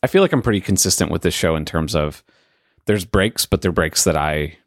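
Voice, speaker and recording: Deep-voiced man hosting a podcast, dry sound. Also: animated, fairly quick, dry recording. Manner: thinking aloud, hesitant restarts. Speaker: podcast host. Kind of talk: casual chat.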